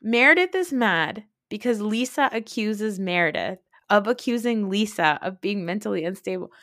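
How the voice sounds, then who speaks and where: A woman's voice: mid-range voice, expressive, normal speed, fairly bright tone, no room sound, clean studio sound. A woman hosting a podcast, recapping and ranting in a casual, exasperated way and swearing freely. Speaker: podcast host.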